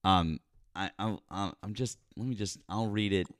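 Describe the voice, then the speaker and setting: Deep-voiced rambling man, host. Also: moderate pace. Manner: rambling, apologetic, self-deprecating. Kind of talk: live-stream call-in chat.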